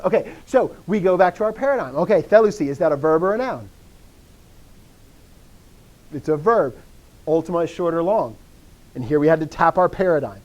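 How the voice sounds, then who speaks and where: Lively, high-voiced man teaching a class. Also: brisk. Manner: drilling students with repeated call-and-response questions; energetic, animated bursts of enthusiasm. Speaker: Greek teacher. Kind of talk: classroom lecture.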